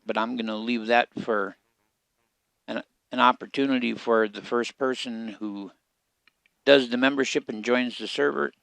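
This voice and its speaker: A man giving relaxed, casual commentary as he plays a survival game, talking half to himself. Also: medium pitch, normal speed, gravelly, no echo. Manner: relaxed, muttering to himself while playing. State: hiccups. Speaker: game streamer.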